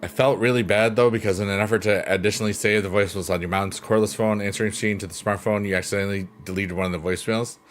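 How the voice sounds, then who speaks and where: A man's voice: lowish voice, steady tone, quick pace, few pauses, a little hiss or hum. A man hosting a casual livestream, goofy and upbeat, joking and laughing often, talking close to the mic. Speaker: livestream host. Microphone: close mic, leans in.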